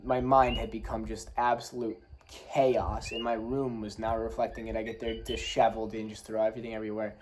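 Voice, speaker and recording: A man's voice: on the low side, level tone, a little fast, hardly any pauses, slight background noise, rough recording. A man hosting a podcast, telling a personal story in a candid, rambling way with many fillers, his legs still shaking a little. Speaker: podcast host.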